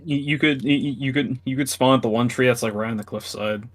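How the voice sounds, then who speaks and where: A man's voice: mid-range voice, a little fast. A man playing a tabletop game in casual chat, stammering and repeating words, often laughing. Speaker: player.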